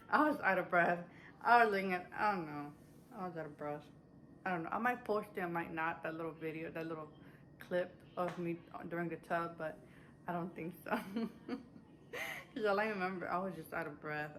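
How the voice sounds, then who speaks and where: A woman vlogger chats casually to viewers about a haul, a touch breathless and rambling with fillers and restarts. Her fairly low voice is a bit bright and moves at normal speed, with a little hiss or hum in the background.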